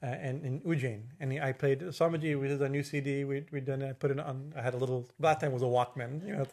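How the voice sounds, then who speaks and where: A man giving a religious discourse as a swami, halting with fillers and restarts and slowly chanting Sanskrit verses. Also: medium pitch, steady tone, a little mellow. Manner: halting, many fillers and restarts, tag questions. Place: temple.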